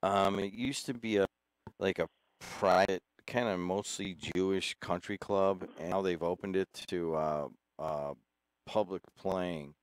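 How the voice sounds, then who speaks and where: Radio host, man, lowish voice, dry studio sound, rambling and teasing. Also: fairly even intonation, a little slow, clear, resonant tone, no echo. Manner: chatty, rambling, friendly teasing. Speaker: radio talk show host. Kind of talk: casual call-in chat. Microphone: studio microphone.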